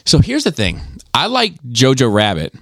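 A man's voice: medium pitch, huge pitch swings, normal speed, a bit bright, no echo, clean studio sound. A man in casual podcast chat, rambling and profane, who tells stories with animation.

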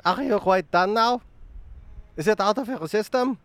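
Playing a male Jesus character, a performer uses a natural, mid-range voice at a moderate pace. The figure keeps interrupting with "oi" in exasperated, pleading protests.

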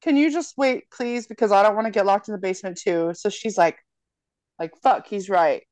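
A woman's voice: mid-range voice, a little fast, no echo. A young woman in casual chat, animatedly retelling a movie plot with lots of swearing and acted-out lines. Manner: animated storyteller, swears freely, acts out lines.

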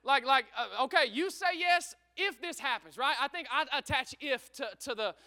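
A male pastor delivers an energetic sermon in a strikingly high voice. His tone is very bright and sharp. He repeats phrases and keeps calling on the congregation to answer. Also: normal speed. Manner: energetic, repetitive, calls out to congregation. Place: church service.

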